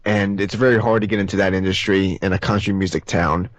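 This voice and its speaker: A man talking as a guest in a casual interview, chatty and relaxed, telling stories with frequent restarts. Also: low-pitched, quick pace, no echo. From Nashville, Tennessee.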